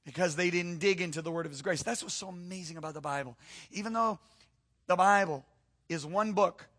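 A man's voice: high-pitched, fairly quick, a bit bright. A male pastor preaching a sermon, emphatic, calling out to the congregation and repeating words for stress.

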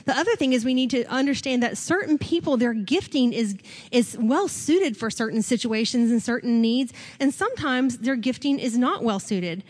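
A woman pastor with a fairly high voice delivers a sermon in an easy, chatty manner. She laughs often and slips into little voices when she acts out what people say. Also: animated, normal speed, breathy edge. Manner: conversational, laughs often, acts out quoted speakers.

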